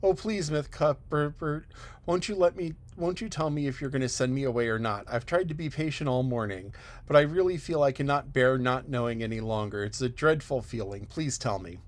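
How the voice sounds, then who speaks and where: A man's voice: mid-range voice, normal speed, lightly acted. A man reading an audiobook, voicing an eager, talkative orphan girl who pleads breathlessly and wistfully. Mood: imploring, tearful. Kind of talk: audiobook character voice.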